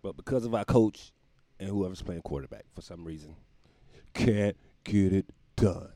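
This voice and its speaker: A man's voice: deep voice, moderate pace, warm tone, no room sound. A man hosting his own show, rambling through a casual comedic monologue and laughing at his own jokes, talking from a room at home near the windows. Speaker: podcast host.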